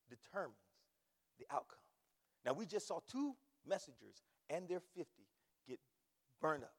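A man preaching a sermon from the pulpit, repeating words emphatically and rising to shouts. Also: on the high side, animated, normal speed, pauses often, long reverb tail. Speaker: pastor. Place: church sanctuary.

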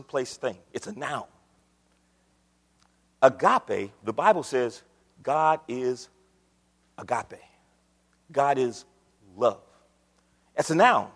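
A man preaching a sermon in a church with a folksy manner, his pitch leaping up on questions. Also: long reverb tail. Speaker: pastor. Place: church sanctuary. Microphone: microphone on a stand.

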